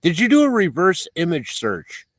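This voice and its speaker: A man's voice: high voice, wildly swooping pitch, normal speed, dry recording. A man hosting a casual livestream, chatting in a rambling, playful, mock-fussy way as he reads viewer comments. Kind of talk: casual live-stream chat. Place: home, outdoors at night.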